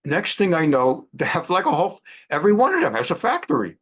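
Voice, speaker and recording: A man in his sixties, a rabbi hosting a weekly program, telling anecdotes in a chatty, animated way with frequent restarts. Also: on the high side, fairly quick. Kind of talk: anecdotal monologue.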